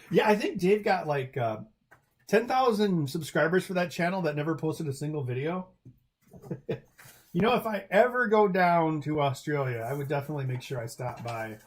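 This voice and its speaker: A man hosting a charity livestream, answering viewer chat in a loose, rambling way with lots of fillers and restarts. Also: fairly high pitch.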